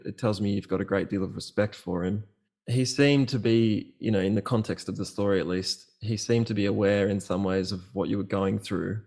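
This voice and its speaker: A man's voice: lowish voice, a little mellow. A man hosting a podcast, asking reflective, hesitant questions with many fillers. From Australia. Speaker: podcast host. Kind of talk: interview questions.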